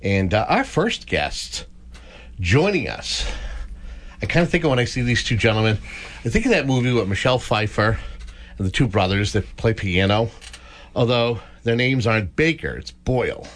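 A man's voice: medium pitch, moderate pace. A man hosting a radio talk show in a studio, talking casually with many restarts. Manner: chatty, animated, frequent restarts.

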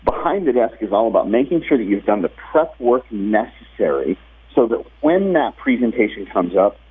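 Man, guest speaker, husky rough voice, lowish pitch, energetic talker, phone-line sound. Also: moderate pace. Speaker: guest, professional speaker and author. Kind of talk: interview over the phone.

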